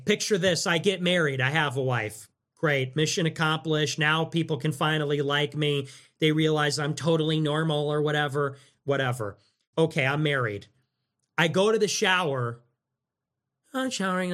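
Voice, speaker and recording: Young male podcast host, high voice, ironic, profane, meandering solo talk. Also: a bit bright. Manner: profane, ironic and rambling, with mock voices for quoted people. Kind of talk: casual rambling monologue.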